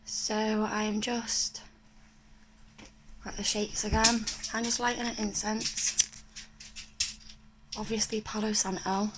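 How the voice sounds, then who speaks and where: A woman vlogging at home, chatting warmly to viewers while opening an oracle deck. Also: medium pitch, flat delivery, slow pace, pauses often. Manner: chatty, breathy and gushing, talking to viewers. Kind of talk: casual chat unboxing a tarot deck. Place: home room by a main road. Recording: loud background noise.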